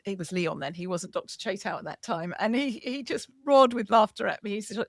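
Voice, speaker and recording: A woman author being interviewed, talking in a lively, chatty storytelling way. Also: mid-range voice, fairly quick, hardly any pauses, no room sound, studio quality. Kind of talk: casual chat.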